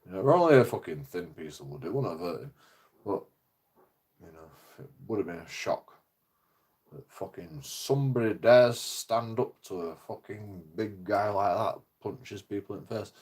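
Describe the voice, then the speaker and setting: With a low, husky voice and a moderate pace, the man hosting this channel tells an indignant, animated story. His delivery is casual and heavily laced with profanity.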